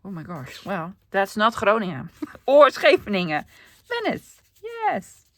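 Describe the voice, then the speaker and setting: Dutch woman, crafting host, casual self-narration, soft asides, mid pitch. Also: very animated, normal speed, no echo. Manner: chatty, self-narrating, often drops to a soft whisper.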